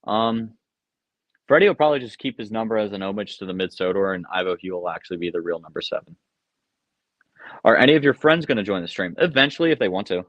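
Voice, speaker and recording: A young man with a fairly low voice reads viewers' questions off a live chat and answers them in a relaxed, offhand way, with plenty of ums and uhs. The sound is dry and a little dull, like a modest home desk mic. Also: fast, no room sound. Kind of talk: casual live-stream Q&A. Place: basement room at home.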